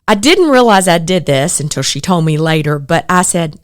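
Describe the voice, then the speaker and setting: A middle-aged woman with a fairly low voice hosts her own podcast, talking at a moderate pace with few pauses. The monologue is earnest and reflective, turning animated when she quotes people.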